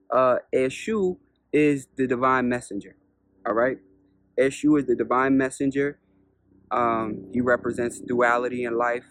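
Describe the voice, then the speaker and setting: A man who is a spiritual teacher, telling a parable as a lesson in an unhurried way, repeating points and asking rhetorical questions. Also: medium pitch, no echo, clean studio sound. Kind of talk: storytelling lesson.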